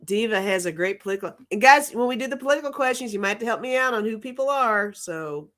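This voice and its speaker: A woman co-hosting a casual livestream chat and reading cards, chatty and quick to laugh. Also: a little high, expressive, fairly bright tone. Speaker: co-host and card reader.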